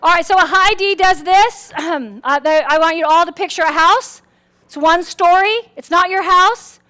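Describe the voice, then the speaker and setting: Animated, very high-pitched woman speaker. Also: moderate pace. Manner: animated, acts out quotes with big pitch swings. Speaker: speaker on personality styles. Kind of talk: lively workshop talk to a live audience.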